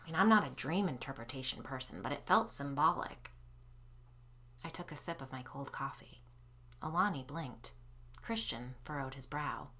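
A woman reading a first-person novel aloud, shifting her pitch and loudness to act out the characters' lines. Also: lively intonation, moderate pace. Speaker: audiobook narrator. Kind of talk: first-person audiobook narration.

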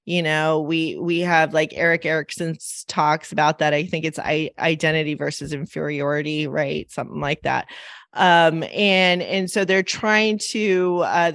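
A woman's voice: low-pitched, fairly bright tone, no room sound. Rambling woman host with a dry sound. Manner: rambling, many "like" and "right?" fillers; acts out quoted voices. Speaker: podcast host. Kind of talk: casual chat, anecdotal storytelling.

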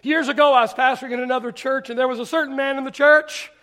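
A male pastor with a very high-pitched, steady voice preaches quickly, repeating phrases for emphasis. Some lines he shouts, while others drop to a near murmur.

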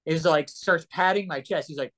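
A man who is a guest on a casual chat show, telling stories in a rambling, animated way with swearing and restarts. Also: on the high side, normal speed.

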